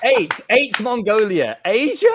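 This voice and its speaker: Male improviser, slow, bemused guesser, on a loud noisy video call. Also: high-pitched, big pitch swings. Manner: puzzled, guessing aloud with bursts of laughter. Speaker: improv comedian. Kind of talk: improvised comedy. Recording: heavy background noise.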